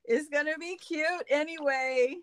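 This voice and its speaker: A woman's voice: sits high, unhurried, a crowd in the background. A woman with a New York Puerto Rican accent, chatting and laughing a lot while co-hosting a live craft stream. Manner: laughs often, animated and teasing. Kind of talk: casual chat.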